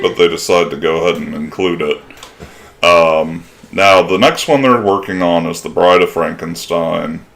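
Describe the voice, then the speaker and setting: A deep-voiced man on a casual movie podcast. He moves the conversation forward with questions and brief "um" pauses. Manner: steering the talk with questions, "um" pauses. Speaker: podcast co-host.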